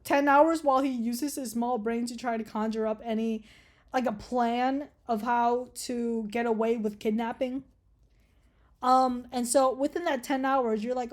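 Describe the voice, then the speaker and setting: A woman vlogger rambles through a casual, jokey rant, swearing freely and restarting her sentences. Her voice sits a bit high. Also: flat delivery, normal speed, a little mellow.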